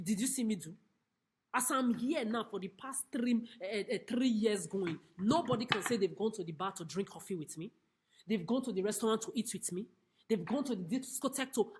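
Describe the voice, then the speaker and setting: Furious woman ranting at her accusers. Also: fairly high pitch. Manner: accusatory, repetitive, cursing. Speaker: vlogger. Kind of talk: angry direct-to-camera rant. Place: homeless shelter, seated on a chair.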